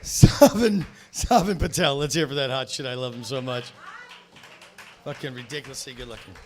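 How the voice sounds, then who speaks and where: A man's voice: mid-range voice, steady tone, brisk, a bit bright, slight background noise. A man emceeing a comedy show from the stage, with loose, profane banter between acts.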